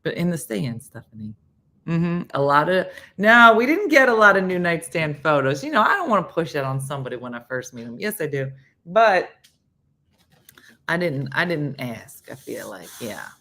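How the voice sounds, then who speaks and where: A woman with a low voice hosts a casual morning show, her pitch swinging widely as she tells stories. She acts out the people she quotes, laughs often and sometimes drops to a whisper. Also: sing-song, moderate pace, bright, forceful tone. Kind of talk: casual storytelling chat.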